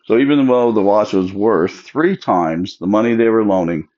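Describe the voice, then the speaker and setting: Man, lowish voice, casual storyteller who acts out quoted relatives, dull lo-fi sound. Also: normal speed, a little mellow. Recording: dull lo-fi recording.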